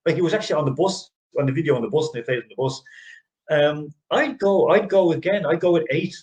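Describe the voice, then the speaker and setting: A man's voice: a little high, fast, darkish tone, dull audio. A middle-aged man co-hosting a casual movie review chat, rambling and restarting his sentences. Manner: rambling, restarts often, chuckles. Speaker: podcast co-host.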